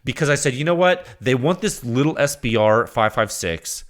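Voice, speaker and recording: A man hosting his own podcast, talking in a rambling, excitable way and acting out the reactions he quotes. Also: mid-range voice, moderate pace. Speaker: podcast host. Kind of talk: casual solo podcast monologue.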